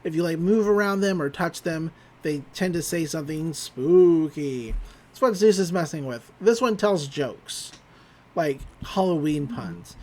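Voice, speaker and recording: A man's voice: on the high side, animated, a little slow, darkish tone. A man hosting a podcast, casually recapping an episode and laughing often. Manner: laughs often, chatty with fillers. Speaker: podcast host.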